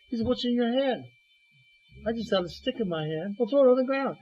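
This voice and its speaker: A man's voice: very high-pitched, animated, a little fast, husky. A man preaching on a radio program, telling Bible stories with quoted dialogue and stammered restarts. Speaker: guest preacher. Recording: dull lo-fi radio broadcast.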